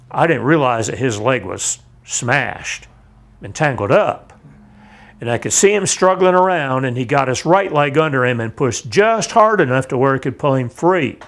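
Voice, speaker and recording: An older man, a navy veteran, telling a vivid personal account in a measured, plain-spoken way. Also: mid-range voice, expressive, fairly bright tone. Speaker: navy veteran recounting his experience. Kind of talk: personal testimony.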